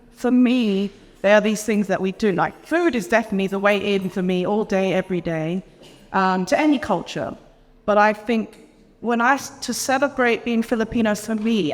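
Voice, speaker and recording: A woman speaking on a conference panel, reflective and thinking aloud. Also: medium pitch. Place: conference hall. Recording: long hall reverb.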